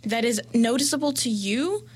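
A young woman talking casually with a friend, her voice sitting a little high. She rambles in an easy way, scattering "like" through her sentences and laughing now and then. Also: lively intonation, moderate pace, slightly rough. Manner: chatty, heavy use of "like", laughs easily. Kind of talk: casual chat.

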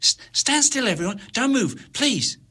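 Guy doing a young boy, high and husky, stammering urgent orders. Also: very animated, normal speed, bright, forceful tone, heavily acted. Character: young boy straining to control beasts.

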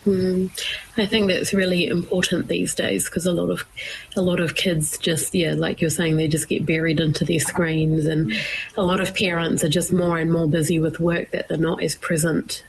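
Woman interviewer, low pitch, gravelly fry, agreeable, slight background noise. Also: level tone, moderate pace, rough recording. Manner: agreeable, conversational. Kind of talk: interview conversation.

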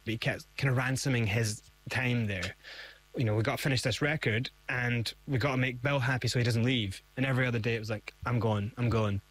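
A man's voice: medium pitch, a little fast. Man telling a story animatedly. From Scotland. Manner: animated, acts out quoted voices. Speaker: interview guest. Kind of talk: storytelling in an interview.

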